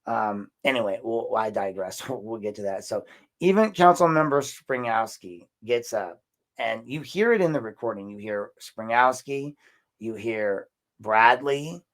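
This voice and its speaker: A man hosting a podcast, talking through a recent confrontation in a casual, animated commentary, with emphatic bursts and rambling restarts. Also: lowish voice, unhurried. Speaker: podcast host.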